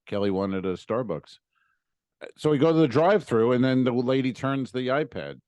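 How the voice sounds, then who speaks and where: A man's voice: medium pitch, expressive, normal speed, darkish tone, dry recording, muffled recording. A middle-aged man co-hosting a comedy podcast, complaining in an exasperated, sardonic way. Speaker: podcast co-host. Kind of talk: casual comedy podcast banter.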